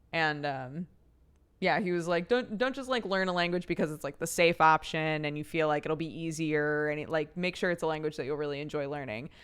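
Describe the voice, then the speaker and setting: A woman's voice: deep voice, clear, resonant tone. A young adult woman streamer chatting casually, rambling, swearing and laughing often. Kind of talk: casual chat.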